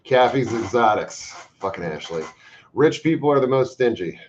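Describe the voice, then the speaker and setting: A man hosting a livestream, chatting casually and reading out viewer comments with profane, joking bursts of loud emphasis. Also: medium pitch, expressive, normal speed, slight background noise. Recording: slightly dull lo-fi stream audio.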